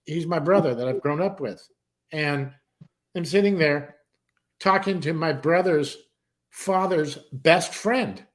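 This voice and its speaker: Guy on a talk show, highish voice, telling a wild story, doing everybody's voices. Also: takes it slowly. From San Diego, California. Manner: acts out quoted voices, swears casually. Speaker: guest, country music artist. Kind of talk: animated storytelling.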